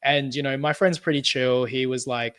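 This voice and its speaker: A man co-hosting a podcast in casual chat, agreeable and quick to affirm. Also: mid-range voice, steady tone, a bit bright, clear, resonant tone. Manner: agreeable, frequent affirming interjections. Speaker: podcast co-host.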